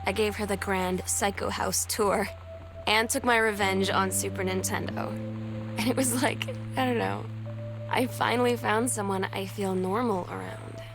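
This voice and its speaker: A woman's voice: medium pitch, fairly even intonation, moderate pace, lightly acted. An actress voicing a wistful teenage girl. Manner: soft, reflective, confiding. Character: teenage girl recalling a new friend, wistful. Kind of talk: narrated game journal voice-over. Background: music.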